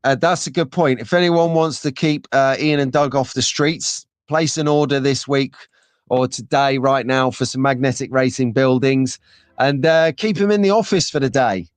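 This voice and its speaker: A man hosting a casual live stream, chatting excitably and reading out viewer comments, sometimes getting frantic and loud. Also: medium pitch, moderate pace, no room sound. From England.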